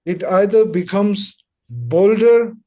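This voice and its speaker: A man's voice: high voice, very animated, slow, mellow. A man teaching pronunciation in an online lesson, patiently repeating syllables for students. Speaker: Tibetan language teacher.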